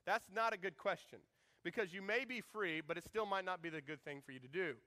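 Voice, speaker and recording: High bright-voiced guy preaching a sermon, jokey, does little voices for quotes. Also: fairly quick. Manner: animated, jokey, acts out quotes in shifting voices. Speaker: pastor.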